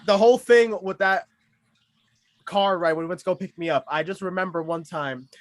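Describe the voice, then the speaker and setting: A man hosting a podcast in casual chat, telling stories in a rambling, animated way. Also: high voice, normal speed. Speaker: podcast host.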